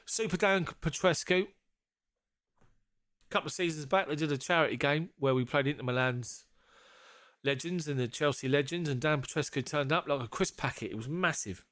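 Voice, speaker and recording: A man's voice: on the high side, normal speed, fairly bright tone, no echo, studio quality. A man hosting a casual live fan stream. He is jokey, laughs often and swears casually as he chats with viewers.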